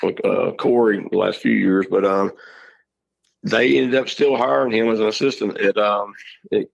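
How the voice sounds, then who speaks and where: A middle-aged man, a high school football coach telling stories in a casual interview, rambling and restarting his words. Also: fairly even intonation, moderate pace, creaky, lo-fi sound. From Georgia, USA.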